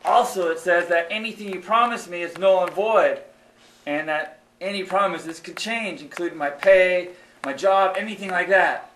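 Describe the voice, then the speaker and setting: A man voicing a calm, skeptical young activist puppet who speaks quietly in a live puppet show, recorded in an echoey hall. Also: high-pitched, moderate pace, a little hiss or hum. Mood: questioning.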